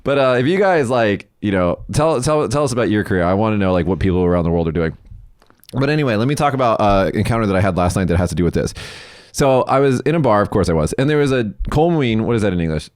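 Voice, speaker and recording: A man co-hosting a podcast, telling stories in a casual, animated and profane way. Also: lowish voice, fast talker, dry recording, clean studio sound. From United States. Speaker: podcast co-host.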